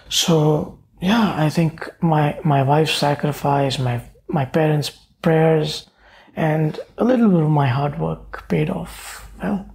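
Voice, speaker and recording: A man, an entrepreneur guest, telling his story in an interview in an earnest, halting way with restarts. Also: fairly high pitch, vocal fry, darkish tone, slight background noise.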